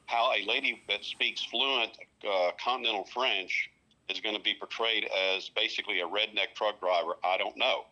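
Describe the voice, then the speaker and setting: Bright-voiced man rambling as a guest. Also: on the low side, steady tone, normal speed, poor audio. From North Louisiana. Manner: rambling, many fillers and restarts. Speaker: guest, prison communications director. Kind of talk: casual interview chat.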